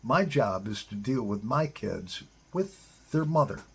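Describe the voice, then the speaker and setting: A man's voice: mid-range voice, big pitch swings, measured pace, vocal fry, breathy edge. A middle-aged man giving blunt, profane advice straight to other men in a casual monologue. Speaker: advice-giver to divorced fathers.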